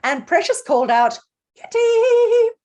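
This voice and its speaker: Lively woman reading a picture book. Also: medium pitch, unhurried, husky. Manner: animated, theatrical, talks directly to young listeners. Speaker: children's author and storyteller.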